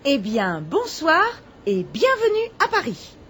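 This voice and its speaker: A woman's voice: high-pitched, huge pitch swings, unhurried, fairly bright tone, a little hiss or hum, full character voice. A woman playing Hélène, a courteous French woman welcoming a visitor in a language course dialogue. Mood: polite. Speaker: dialogue actor.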